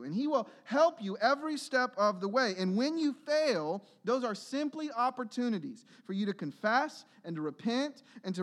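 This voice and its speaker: A male pastor with a fairly high voice delivers a sermon in a church. He is earnest and builds to emphatic, urgent exhortation. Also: a bit bright.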